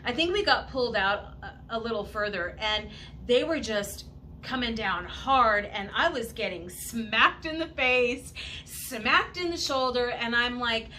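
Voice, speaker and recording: Woman host, unhurried casual storyteller, bright tone, faint background hiss. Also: fairly high pitch. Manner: animated, laughing storyteller with many asides. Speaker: channel host.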